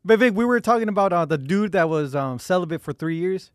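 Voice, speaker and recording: A man hosting a casual podcast, steering the talk and quick with agreeing "right, right.". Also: sits high, expressive, dry recording, clean studio sound. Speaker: host.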